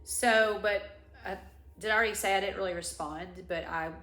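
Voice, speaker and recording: A woman's voice: mid-range voice, fairly bright tone. Tearful middle-aged woman rambling through a story. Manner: halting, rambling, many restarts. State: crying. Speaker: vlogger. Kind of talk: tearful personal story time. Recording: echoey room.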